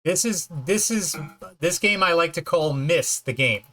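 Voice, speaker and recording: A man's voice: on the high side, lively intonation, measured pace, sharp tone, soft background music. A man streaming a game, chatting casually, joking and rambling as he plays. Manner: joking, rambling, puts on silly voices. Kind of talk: casual let's-play chat.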